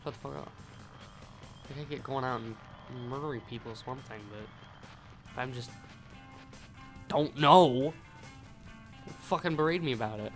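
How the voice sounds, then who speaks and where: A man's voice: medium pitch, moderate pace, long pauses, soft background music. A young American man with an American accent, rambling through casual let's-play commentary, stumbling over words and swearing. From United States. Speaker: gaming YouTuber.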